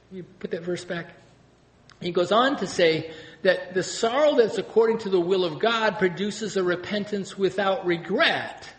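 A man's voice: high voice, fairly bright tone, echoey room. A man preaching a sermon as pastor, talking in a conversational way and often asking the congregation questions.

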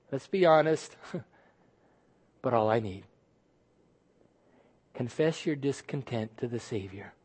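A male pastor delivering a sermon at a middle pitch. He preaches with emphasis, then drops to soft, hushed lines to press a point home. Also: husky.

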